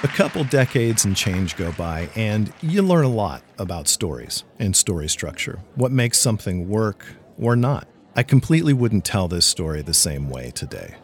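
A man's voice: lowish voice, sing-song, moderate pace, hardly any pauses. A man hosting a podcast, looking back in thoughtful, plainspoken narration. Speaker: podcast host. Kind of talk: reflective narration.

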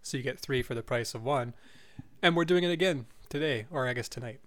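A man's voice: medium pitch, fairly quick, crowd noise. A man hosting a podcast in casual, playful chat with friends. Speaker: podcast host.

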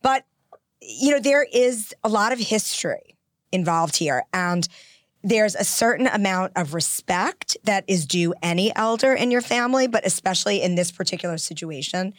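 A woman's voice: mid-range voice, animated, moderate pace, no echo, clean studio sound. Woman giving opinionated takes. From half English by family. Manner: opinionated, emphatic. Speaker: podcast co-host. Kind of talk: casual chat.

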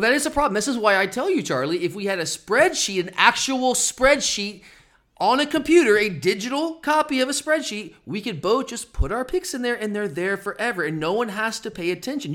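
A man's voice: high voice, expressive, brisk, a bit bright. A man hosting a casual sports betting podcast, teasing his co-host and rambling with frequent restarts.

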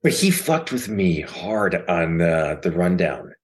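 A man who is an actor, a guest on a podcast, telling stories in a loose, profane, animated way. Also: low-pitched, takes it slowly. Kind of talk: casual interview chat.

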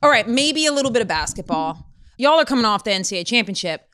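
A woman hosting a sports interview, asking friendly, quick questions and steering the talk. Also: on the high side, sing-song, a bit bright. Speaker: sports podcast host. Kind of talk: casual interview.

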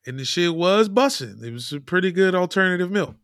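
A man telling a story in casual chat, animated, swearing and mimicking people. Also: high voice, a little fast, dry recording, studio quality.

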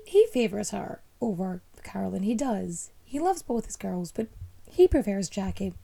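A woman's voice: medium pitch, creaky, dark tone. A woman hosting a history storytelling show, chatting casually and tossing playful, teasing asides to her audience. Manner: emphatic, teasing humour.

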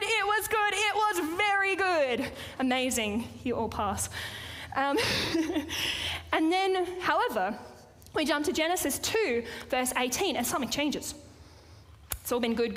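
A woman's voice: sits high, slight background noise. A woman preaching a sermon to a live audience, reading scripture and making playful, chatty asides to the crowd. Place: church or hall with a live audience. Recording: long hall reverb.

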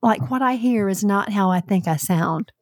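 A woman with a Southern US accent, co-hosting a podcast with her son, talking slowly in a relaxed, laid-back way. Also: medium pitch, no echo, clean studio sound. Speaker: podcast co-host, host's mother. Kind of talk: casual chat.

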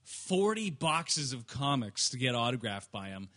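A man co-hosting a casual podcast, making dry, low-key remarks and telling stories. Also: sing-song, measured pace, a bit bright. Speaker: podcast co-host. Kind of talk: casual chat.

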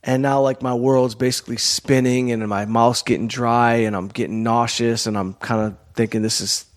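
A man's voice: mid-range voice, fairly even intonation, normal speed. A man hosting his own show, telling a personal story in a candid, conversational way, full of "you know" and "like.". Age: adult, college-educated comedian and performer. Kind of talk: casual storytelling monologue.

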